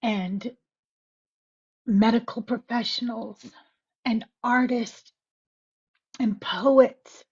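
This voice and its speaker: A woman's voice: on the high side, steady tone, very slow, pauses often, husky, dull audio. A woman on a podcast reciting spoken-word poetry and then talking candidly, emotional and close to tears, swearing freely. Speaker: podcast guest.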